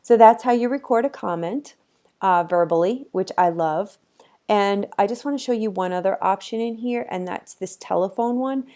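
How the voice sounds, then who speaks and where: A woman's voice: mid-range voice, moderate pace, warm tone. A woman instructor giving a casual, chatty screen-recorded tutorial for her course, talking easygoing with frequent ums, on a computer microphone.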